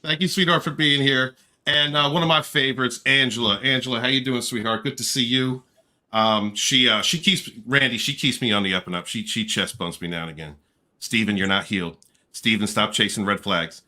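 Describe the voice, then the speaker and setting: An effusive male livestream host with a bright, energetic voice. He chats casually, greets viewers by name and teases them playfully. His middle-range pitch stays friendly and direct. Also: a little fast. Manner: effusive, affectionate shout-outs to chat viewers; playful flirting and joking.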